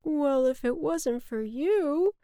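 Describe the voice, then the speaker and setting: A woman's voice: sits high, lively intonation, no echo, studio quality, pitched above the performer's own voice. Woman putting on a sad lonely rain cloud. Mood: wondering. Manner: slow, mournful, often breathy and hushed. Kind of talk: children's storybook reading.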